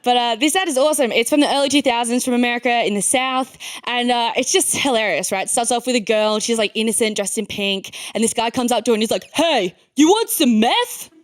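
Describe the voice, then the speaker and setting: A young woman with an Australian accent and a high voice, working through a stand-up comedy routine on stage. She rambles and puts herself down, dropping a stream of fillers between her lines. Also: fairly even intonation, fast, few pauses, no room sound, clean studio sound. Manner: rambling, self-deprecating, filler-heavy delivery. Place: stage before a live audience.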